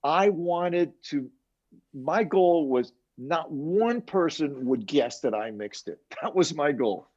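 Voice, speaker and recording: Older man telling animated studio stories. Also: fairly high pitch, takes it slowly. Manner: animated anecdotes, quoting others, chuckling. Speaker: mixing engineer guest. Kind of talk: casual interview storytelling. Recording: dull lo-fi sound.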